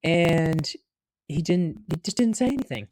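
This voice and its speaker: Young american guy, twenties, mellow warm tone, dry close sound, rambling casual vlog talk, lots of filler and cursing. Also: fairly high pitch, lively intonation, measured pace, no echo. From United States. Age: 20s. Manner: rambling, heavy use of filler "like", swears freely. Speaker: vlogger. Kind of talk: casual storytelling monologue.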